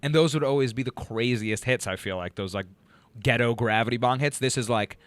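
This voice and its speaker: A young man co-hosting a casual radio-style chat show, relaxed and joking, with lots of fillers. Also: mid-range voice, a little fast, clear, resonant tone, dry recording. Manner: laid-back, joking, loose with fillers. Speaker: podcast co-host.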